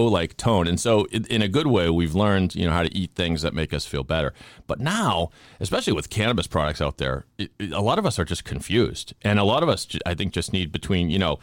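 A man's voice: low voice, dry recording. A man in his fifties hosting a podcast, chatting casually in a rambling, self-deprecating, jokey way with many restarts. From Boston area. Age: 50s. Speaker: podcast host. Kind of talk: casual interview chat.

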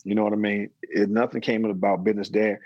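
A middle-aged man with a husky, somewhat low voice tells his story in a relaxed interview. He drops into animated quotes of other people as he goes. The recording is close and dry, with no room sound. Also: quick pace, no echo, lo-fi sound. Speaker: interview guest, business owner. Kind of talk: casual interview talk.

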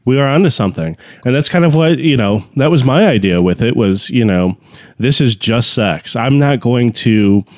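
A man's voice: medium pitch, animated, normal speed, dry recording. Blunt, laid-back man on a dry mic. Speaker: podcast co-host. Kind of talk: casual chat.

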